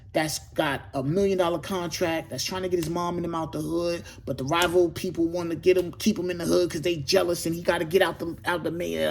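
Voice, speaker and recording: Male host, middle-aged, husky and a touch high-pitched, animated slangy monologue. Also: brisk, hardly any pauses. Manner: animated, rhetorical, slangy, repeats himself. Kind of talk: casual monologue to camera.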